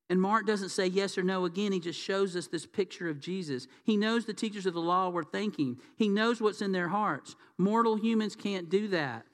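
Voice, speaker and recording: High-voiced preacher in an echoing hall. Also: male voice. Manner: animated storytelling, acting out voices. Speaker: pastor. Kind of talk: sermon. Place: church hall. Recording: reverberant church hall.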